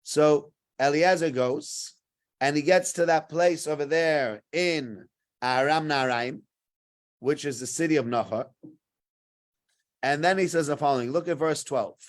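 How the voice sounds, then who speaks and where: A man teaching a weekly Torah portion class, telling the story in an animated way and mixing in Hebrew and Yiddish terms. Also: a little high, measured pace.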